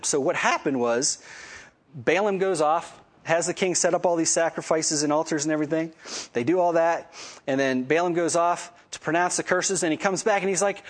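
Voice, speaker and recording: A man's voice: fairly high pitch, moderate pace. Chatty man retelling Bible stories. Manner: conversational, lots of fillers, animated storytelling. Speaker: Bible study teacher. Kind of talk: casual Bible lesson.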